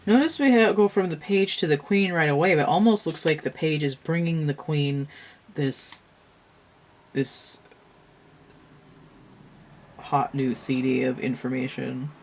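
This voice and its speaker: A woman's voice: deep voice, measured pace, long pauses. A woman giving a casual tarot reading in a rambling, slangy way, with a lot of "like" and free swearing. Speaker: tarot reader.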